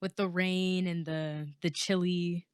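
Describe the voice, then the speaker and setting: A woman's voice: fairly low pitch, level tone, slow, clean tone, dry recording, clean studio sound. A young woman co-hosting a casual podcast, upbeat and full of fillers. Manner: upbeat, laughing, filler-heavy. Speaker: podcast co-host.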